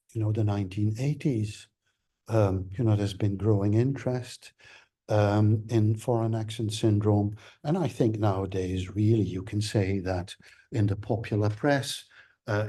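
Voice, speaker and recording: Male academic lecturer, low mellow voice, hesitant and filler-heavy. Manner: hesitant, many fillers and restarts. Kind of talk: academic seminar talk.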